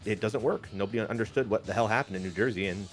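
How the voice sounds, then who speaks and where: Guy hosting a wrestling game playthrough, lively storyteller, bit of music in the back. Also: quick pace. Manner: animated, jokey, briefly puts on high-pitched character voices. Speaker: host booking a wrestling game. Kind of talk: casual play-by-play storytelling.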